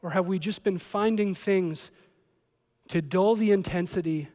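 A man's voice: high voice, measured pace, darkish tone, in a large hall. A man preaching a sermon as a pastor, reading scripture and then talking in a conversational way with joking asides.

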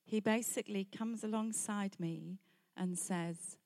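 A middle-aged woman preaches through a personal testimony at an unhurried, slow pace. Her delivery is candid and storytelling, her pitch sits in an ordinary middle range, and she drops in small laughs as she goes. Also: darkish tone.

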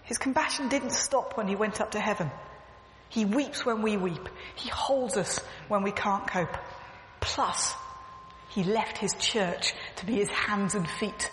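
A woman's voice: mid-range voice, measured pace, fairly bright tone. A woman giving an earnest, emphatic sermon, repeating phrases as she tells stories. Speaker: church speaker. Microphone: clip-on mic, echoing. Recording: echoey hall, faint background noise.

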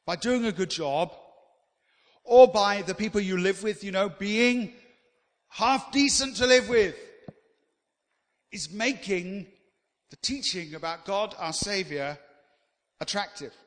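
A man preaching a sermon, animated and swinging between loud emphasis and quiet asides. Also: high voice, slow pace, pauses often. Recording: long hall reverb.

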